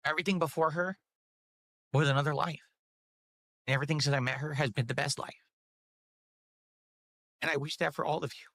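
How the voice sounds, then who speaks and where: Man streaming live, quick rambling talk, bright edgy tone, dry close sound. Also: fairly high pitch, steady tone, dry recording. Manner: rambling, pleading, then tearfully sentimental. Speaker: livestreamer. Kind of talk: casual livestream talk.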